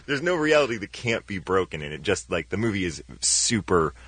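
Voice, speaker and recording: A man's voice: deep voice, very animated, brisk, fairly bright tone, breathy edge, no room sound. A man who is a guest actor, chatting casually and rambling, with many restarts and fillers. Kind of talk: casual chat.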